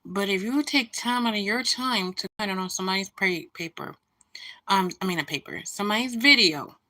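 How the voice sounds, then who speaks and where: Woman livestreaming, bright voice, fired up and ranting about a rude comment, saying hi to chat between rants. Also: medium pitch, a little fast. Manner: indignant venting, greets viewers between rants. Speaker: livestream host.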